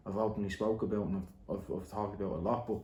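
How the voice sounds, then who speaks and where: A man's voice: on the low side, fairly even intonation, fast talker, dark tone. A man in his late twenties with a Dublin accent, hosting a casual podcast interview and swearing freely. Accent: Dublin Irish. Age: late 20s. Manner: casual, swears often, thinking aloud. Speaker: podcast host. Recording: roomy room echo.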